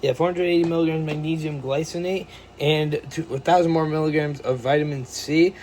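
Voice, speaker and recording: A man's voice: fairly high pitch, fairly even intonation, fairly quick, darkish tone, a little hiss or hum. A young man talking casually to the camera in a fitness vlog, loose and jokey, swearing often and calling his viewers "boys". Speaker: fitness vlogger.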